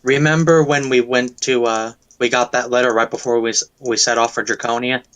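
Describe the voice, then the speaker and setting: A man playing a tabletop game in character, with a middle-pitched everyday voice. He prods the others with questions and pieces things together aloud. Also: fairly even intonation, brisk, a bit bright. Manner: inquisitive, prodding with questions.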